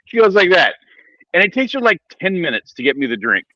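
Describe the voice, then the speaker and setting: A man's voice: high voice, very animated, fairly quick, sharp tone, no echo, highs cut off. A man co-hosting a casual chat, telling a profane story. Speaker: co-host.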